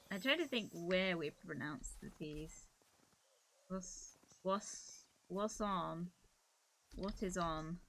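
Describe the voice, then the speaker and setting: A woman's voice: fairly low pitch, sharp tone, a little hiss or hum. A woman with a Cornish accent, chatting casually on a gaming live stream, giggling often and rambling.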